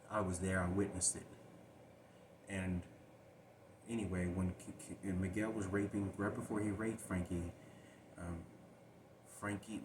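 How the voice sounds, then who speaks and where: A man telling a personal story in a halting, agitated way, with many restarts. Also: sits low, background noise. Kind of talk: personal spoken monologue.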